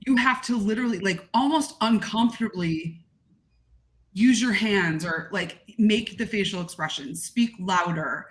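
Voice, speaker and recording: Animated, gregarious woman chatting. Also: mid-range voice, unhurried. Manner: gregarious, animated, expressive talker. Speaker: guest content creator. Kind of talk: casual podcast chat.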